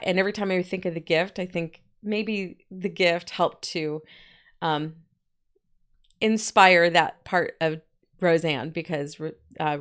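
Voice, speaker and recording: A woman teaching a poetry lesson in a chatty, folksy way, with asides and quick quoted voices. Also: fairly low pitch. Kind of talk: poetry lesson, casual explaining.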